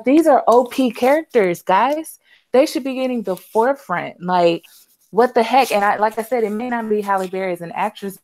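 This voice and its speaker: A woman co-hosting a casual live movie review, talking in an animated, emphatic and opinionated way. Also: mid-range voice. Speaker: podcast co-host.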